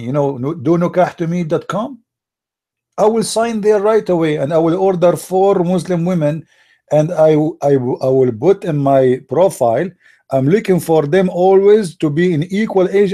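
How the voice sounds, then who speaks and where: A man, hosting a mocking commentary on pictures he shows, sarcastic and laughing with mock excitement. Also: a little high. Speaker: channel host.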